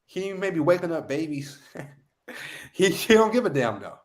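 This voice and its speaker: A man's voice: sits high, big pitch swings, normal speed. A man leading a street-style scripture lesson, emphatic and slangy, with repeated catchphrases. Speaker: lead street teacher.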